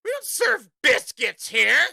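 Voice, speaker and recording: A man with a Southern US accent imitating a snotty female fast-food cashier. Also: very high-pitched, wildly swooping pitch, creaky, bright, forceful tone, dry recording, studio quality, voice pushed up, heavily acted. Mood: snooty.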